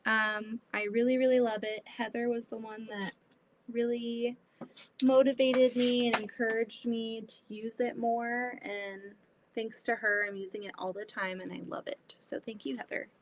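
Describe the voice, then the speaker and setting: A woman hosting a casual livestream while she sews, chatty and animated, often breaking into exclamations. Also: a little high, moderate pace, a little hiss or hum. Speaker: livestream host. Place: home sewing room.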